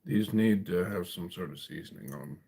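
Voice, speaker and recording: A man's voice: sits low, normal speed, creaky, warm tone, husky. A man livestreaming from his home, telling a rambling personal story in a casual way and often checking in with "right?". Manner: rambling, tags lines with "right?". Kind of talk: casual storytelling to a live chat. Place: at home, indoors.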